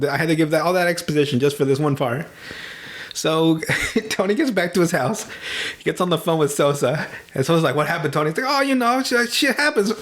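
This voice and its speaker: A young man hosting a podcast, casually retelling a movie with lots of laughs, swearing and quick impressions of the characters. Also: a little high. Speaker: podcast host.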